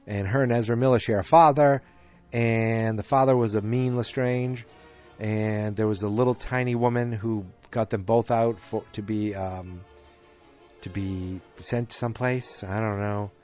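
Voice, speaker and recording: Podcast guy with a lowish voice, rambling recap, lots of um and restarts. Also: steady tone, a little slow, darkish tone, faint music behind. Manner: rambling, with many fillers and restarts. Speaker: podcast host. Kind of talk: casual movie recap.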